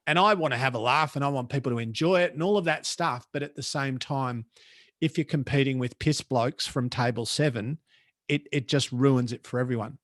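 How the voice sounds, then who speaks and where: A man's voice: medium pitch, brisk, no room sound, clean studio sound. A man with an Australian accent, a professional speaker telling a story as a guest in a casual chat, blunt and colloquial.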